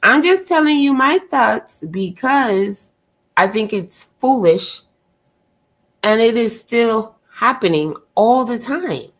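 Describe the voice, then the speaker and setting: A woman's voice: on the high side, lively intonation, slow. A woman streamer ranting in blunt, exasperated commentary, firing off rhetorical questions and swearing freely. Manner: loud and gushing when she greets a viewer.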